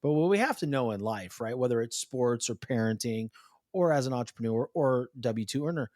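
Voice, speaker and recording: A man's voice: mid-range voice, a little fast, no room sound, clean studio sound. A man in his thirties hosting a podcast, chatting casually and acting out quotes as he tells stories. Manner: animated storyteller, acts out quotes. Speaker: podcast host. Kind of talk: casual interview chat.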